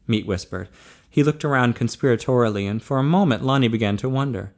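A man's voice: medium pitch, brisk. Man reading a story steadily. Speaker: audiobook narrator. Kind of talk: scripted narration.

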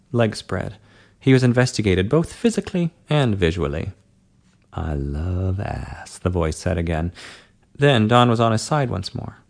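A man narrating a story in a steady, measured audiobook reading. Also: fairly low pitch, gravelly.

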